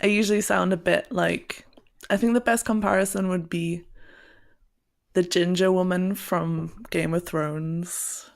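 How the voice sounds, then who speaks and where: A woman's voice: on the low side, steady tone, unhurried, gravelly. A woman from northern England co-hosting a casual podcast chat, chatty and laughing at herself, a bit tipsy. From northern England (Burnley). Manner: chatty, laughing, self-mocking. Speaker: podcast co-host.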